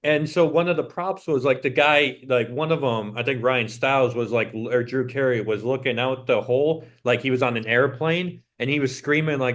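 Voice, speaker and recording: A young man co-hosts a podcast in loose, rambling chat, dropping "like" into nearly every phrase. His voice sits in an ordinary middle pitch. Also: moderate pace, hardly any pauses, a bit bright. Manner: rambling, peppered with "like". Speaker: podcast co-host. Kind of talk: casual chat.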